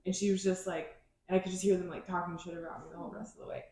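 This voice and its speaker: Her voice sits on the low side, level and dark, and she races along. She's a podcast co-host in casual chat, rambling with heavy use of "like," and the room sounds very echoey.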